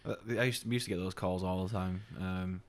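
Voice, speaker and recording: A young man with a low voice co-hosts a casual podcast chat. He tells stories with plenty of swearing and slips into mocking little impressions of the people in them. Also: brisk. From United Kingdom. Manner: sweary, animated storytelling with mocking put-on voices. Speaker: podcast co-host.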